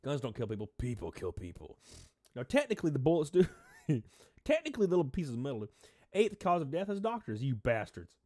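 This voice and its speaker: A man's voice: medium pitch, wildly swooping pitch, a little fast, no room sound, studio quality. A man hosting a casual livestream, rambling and reading out chat names, stuffy-nosed and a little out of breath. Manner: rambling, reads chat names aloud, shouts out donors. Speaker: livestream host.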